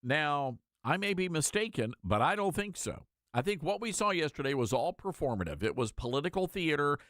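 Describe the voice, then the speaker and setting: A male talk radio host giving sarcastic, animated commentary with mocking asides. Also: on the high side, a little fast, dry recording, clean studio sound.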